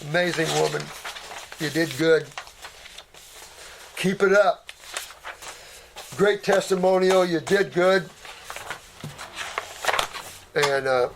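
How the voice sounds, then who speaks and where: An older man holds forth in a loose question-and-answer chat, his voice sitting a little higher than most men's. He rambles in a folksy way, tossing out endearments like honey and sweetheart. He often trails off into fillers while he gropes for a word. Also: gravelly, slight background noise. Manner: trails off searching for words, many fillers. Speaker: naturopath answering viewer questions. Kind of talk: casual Q&A commentary.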